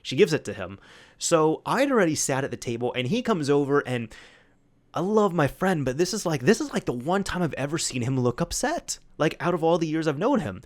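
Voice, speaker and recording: A man's voice: a little high, very animated, fairly quick. A young man hosting a solo talk show, telling a story casually with many restarts and fillers. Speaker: host.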